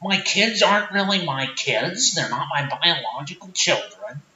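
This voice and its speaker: A performer voicing a meek, halting rural man from West Virginia, in a roomy, dull lo-fi recording. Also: mid-range voice, expressive, bright, forceful tone, voice pushed down. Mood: bewildered. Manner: halting, stammering, apologetic.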